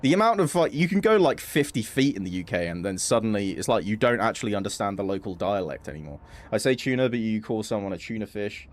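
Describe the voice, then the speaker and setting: A young man chatting casually and swearing freely while streaming a game. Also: quick pace. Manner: chatty, swears casually, animated jumps in pitch. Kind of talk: casual gaming stream chat.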